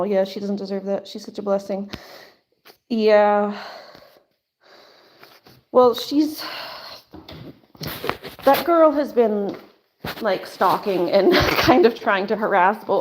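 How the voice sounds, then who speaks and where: A woman's voice: mid-range voice, measured pace, pauses often, darkish tone, a little hiss or hum. A woman hosting a casual live stream from home, chatting with viewers in a rambling way full of "like" and little laughs. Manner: chatty, lots of "like" and laughs, coos to pets. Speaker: livestream host. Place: home, indoors. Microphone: phone or webcam camera.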